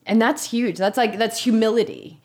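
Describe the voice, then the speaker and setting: A woman's voice: on the high side, moderate pace, darkish tone. A woman co-hosting a casual interview podcast, upbeat and encouraging. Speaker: podcast co-host.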